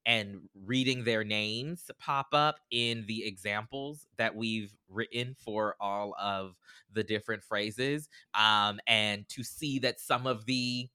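A man talking as a podcast guest with a smooth, resonant voice that sounds bright and crisp. He explains things in a measured way and laughs easily. The sound is close and dry. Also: lowish voice, dry recording. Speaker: co-author guest. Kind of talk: casual podcast conversation.

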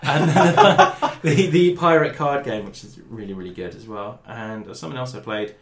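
A man's voice: on the low side, a little fast, crowd noise. A man co-hosting a casual podcast, talking in an upbeat, chatty way. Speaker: podcast co-host. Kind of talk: casual chat. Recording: echoey room.

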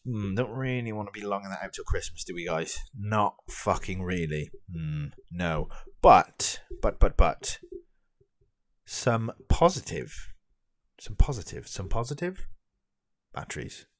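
Sweary British man ranting, low dry voice. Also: expressive, a little slow, no echo. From Britain. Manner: sweary, sarcastic ranting with many fillers. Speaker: vlogger. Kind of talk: ranting vlog.

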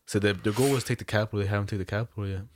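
A man's voice: lowish voice, steady tone, racing, slight background noise. A young man in casual chat, rambling and slangy, full of "like" and "bro".

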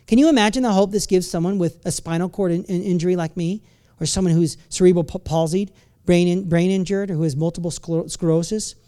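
At a church service, a pastor delivers a sermon that swings from quiet reflection to loud, emphatic bursts, often restarting words and tossing in playful asides. His voice sits at medium pitch, moves fairly quickly, and has a clean tone.

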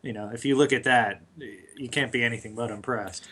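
Male co-host, relaxed, brief remarks, casual. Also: mid-range voice, fairly quick. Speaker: podcast co-host. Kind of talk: casual sports chat.

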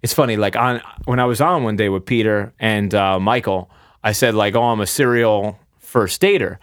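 A man's voice: on the low side, moderate pace, smooth, no room sound, studio quality. A young man who does sports play-by-play, chatting on a podcast in a rambling, self-deprecating way. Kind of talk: casual podcast chat.

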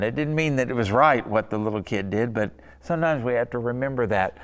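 Male preacher, homespun storyteller, smooth resonant voice, long reverb. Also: medium pitch, moderate pace. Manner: folksy storytelling with rhetorical questions. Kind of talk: sermon. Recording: reverberant hall.

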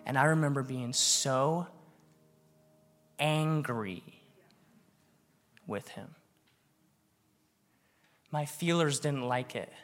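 A man's voice: mid-range voice, very slow, pauses often, fairly bright tone. A man in his thirties preaching a sermon, earnest and building to emphatic exhortation. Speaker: pastor.

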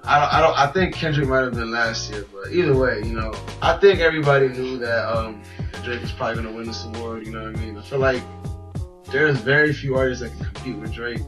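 A man's voice: mid-range voice, fast, recorded from a distance, music in the background, low-quality recording. A man co-hosting a casual podcast, talking loosely and profanely and telling stories with animation. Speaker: podcast co-host.

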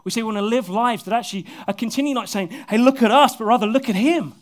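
A male pastor preaching an earnest sermon to his congregation, often dropping to soft, intimate tones, with a touch of self-deprecating humor. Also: very high-pitched, quick pace. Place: church service with a congregation.

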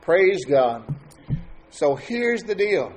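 A man's voice: high voice, big pitch swings, extremely slow, soft background music. A man preaching a sermon as pastor, talking to his congregation in a conversational way and asking them questions.

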